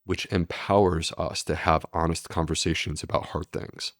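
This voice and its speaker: A man's voice: low-pitched, steady tone, normal speed, no room sound, clean studio sound. A man, a medical doctor, explaining steadily and earnestly in a podcast interview. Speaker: gastroenterologist guest.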